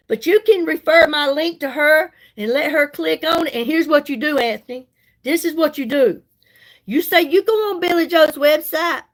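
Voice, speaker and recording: This middle-aged woman has a high-pitched voice, and the recording is rough. She's doing her makeup on a livestream where she sells products, chatting with viewers in a sassy, folksy way and greeting them by name.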